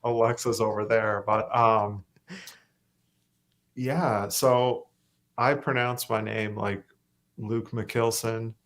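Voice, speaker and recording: Young canadian guy chatting loosely, kinda low voice, lots of ums. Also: slow pace, pauses often. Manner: relaxed, hesitant, lots of fillers and self-corrections. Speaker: singer-songwriter guest. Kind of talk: casual interview chat.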